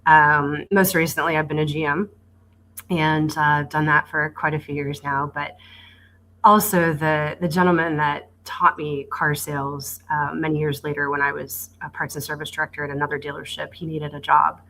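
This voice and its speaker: Low-voiced woman in her forties. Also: normal speed, slight background noise, poor audio. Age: 40s. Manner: animated retelling with quoted dialogue, frequent stammered restarts. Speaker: guest, dealership executive. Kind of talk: conversational storytelling.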